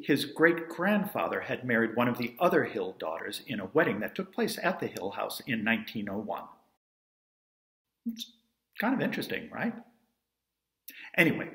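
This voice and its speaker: A man's voice: medium pitch, big pitch swings, normal speed, pauses often, fairly bright tone, reverberant. Wry man telling a story. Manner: wry, conversational, self-amused asides. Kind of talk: personal storytelling monologue.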